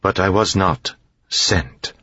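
A man voicing a calm, firm woman scholar of about fifty who speaks in a businesslike way with a light accent. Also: sits low, takes it slowly, husky, no echo, dull audio, voice pushed up, full character voice.

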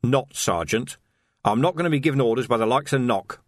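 A man's voice: medium pitch, brisk, dry recording, clean studio sound, close to an everyday voice. A man doing a blunt, hardened copper. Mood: firm. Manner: firm and blunt. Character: hardened gruff male police sergeant.

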